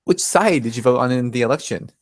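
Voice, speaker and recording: A man's voice: medium pitch, animated, fast, natural voice. A man voicing a brusque storybook townsman who bluntly questions a stranger.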